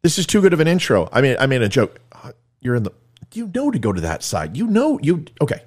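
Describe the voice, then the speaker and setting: A man's voice: mid-range voice, wildly swooping pitch, quick pace, breathy edge. A man hosting a casual monologue for viewers, rambling and joking at his own expense. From California. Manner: rambling, joking, self-mocking. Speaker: host.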